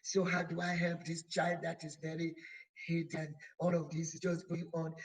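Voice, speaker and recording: A woman bishop preaches a sermon, building emphasis through repeated phrases in an emphatic, repetitive exhortation. Her delivery is slow and deliberate with stretched words, her voice deep, level and breathy-edged, and the audio is poor.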